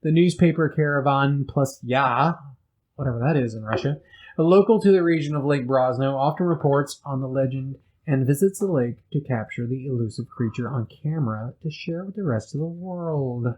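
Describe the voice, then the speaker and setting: A man co-hosting a chatty podcast, reading out folklore with a middle-of-the-road pitch. He keeps slipping in jokes and cutting in on his co-host. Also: normal speed, darkish tone, rough recording. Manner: jokey, interrupts with wisecracks. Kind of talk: casual chat, reading news.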